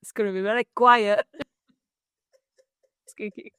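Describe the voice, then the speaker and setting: A woman's voice: mid-range voice, steady tone, normal speed, fairly bright tone, clear, resonant tone, no echo, clean studio sound. Chatty woman, laughing often. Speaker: podcast co-host. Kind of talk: casual chat.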